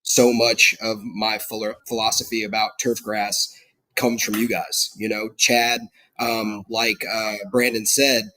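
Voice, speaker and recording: A man's voice: lowish voice, little pitch movement, unhurried, sharp tone, dry recording, poor audio. A man with a South Georgia accent, a guest on a casual podcast, speaking in a friendly, chatty way with lots of fillers. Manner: friendly, chatty, laughs between phrases, many fillers. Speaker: guest, lawn care consultant.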